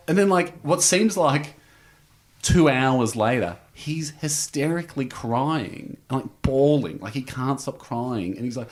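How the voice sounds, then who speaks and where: An Australian man telling a story as a podcast guest, lively, with big pitch jumps when he acts out quotes. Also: normal speed. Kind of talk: animated storytelling.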